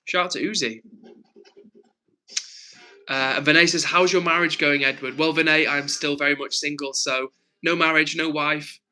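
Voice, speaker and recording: A man's voice: a little high, fairly even intonation, normal speed, long pauses, sharp tone, low-quality recording. A young man from England hosting a live stream, reading out chat messages and answering viewers in a friendly, chatty way, with a frog in his throat. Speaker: livestream host.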